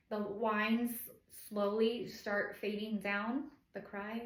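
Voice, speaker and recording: A woman in her thirties talks through a how-to in a casual, chatty way, now and then asking "okay?" She sits in an echoey room at home, and her voice sits at an ordinary middle pitch. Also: fairly even intonation, unhurried, hardly any pauses. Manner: chatty and instructive, often checks in with "okay?"; softly shushes and imitates baby cries while demonstrating. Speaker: parenting vlogger.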